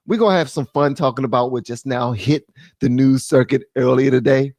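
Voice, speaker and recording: An American man hosting a live stream, giving animated, jokey commentary and laughing often. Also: medium pitch, fairly quick, no room sound.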